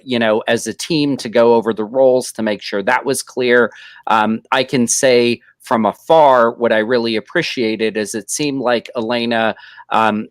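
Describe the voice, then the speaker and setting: A man guesting on a comics interview over a video call, answering in a measured way with many fillers. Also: medium pitch, no room sound, studio quality. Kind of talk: casual interview chat.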